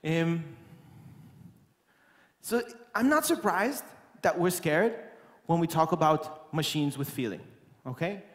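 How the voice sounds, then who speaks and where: A man giving a lively, playful keynote talk to a live audience as a conference speaker and musician. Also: on the high side, slow pace, pauses often. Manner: lively and playful, breaking into song and acting out quotes. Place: large conference hall, on stage. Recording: echoey hall with long reverb and faint music.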